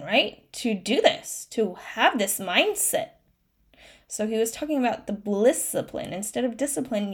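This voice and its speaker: Young woman host, raw solo talk, tearful, self-encouraging, mid-pitched voice. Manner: candid, self-encouraging, with frequent fillers and restarts. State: tearful at times. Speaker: podcast host. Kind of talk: emotional solo podcast monologue.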